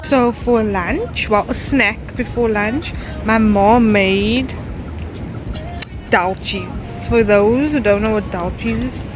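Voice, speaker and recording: A woman's voice: a little high, takes it slowly, low-quality recording. A young South African woman in her twenties talking candidly to camera in a casual vlog, swearing and laughing often. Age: 20s. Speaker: vlogger. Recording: music playing underneath.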